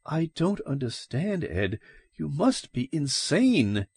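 A man's voice: on the high side, sing-song, takes it slowly, gravelly, slightly rough, dry recording, studio quality, voice pushed up, full character voice. A man voicing a frightened, dazed middle-aged wife in an audiobook, speaking in a hesitant, wavering way. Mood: bewildered. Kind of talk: audiobook character voice.

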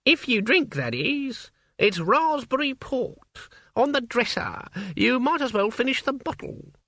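A frail old witch woman, as a man reads her, brisk and fussy in a matter-of-fact way. Her voice rides high and swings widely, with a bright, sharp edge. The sound is dry and close. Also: big pitch swings, no room sound, full character voice. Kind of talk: audiobook character voice.

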